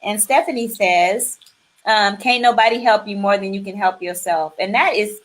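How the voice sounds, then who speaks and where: A woman's voice: medium pitch, steady tone, normal speed. A woman hosting a live online interview, encouraging her guest and reading viewer comments aloud. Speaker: talk show host.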